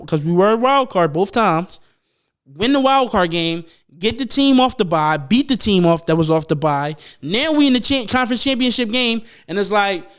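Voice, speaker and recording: Young guy on a podcast, high smooth voice, rambles and swears, gets hyped. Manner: animated, profane storytelling, rising loud when excited. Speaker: podcast host. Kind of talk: casual chat.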